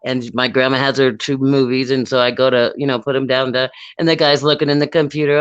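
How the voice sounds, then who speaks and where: A man's voice: medium pitch, brisk, hardly any pauses, clear, resonant tone. A middle-aged man telling a story in casual chat. He acts out the other people's voices as he goes. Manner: animated, mimics voices in anecdotes. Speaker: live stream participant. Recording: dull lo-fi stream audio.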